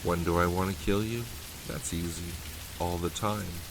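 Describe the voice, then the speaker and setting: A very low male voice tells a horror story in the first person, calm and deliberately menacing. A steady hiss runs under the older home recording. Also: gravelly.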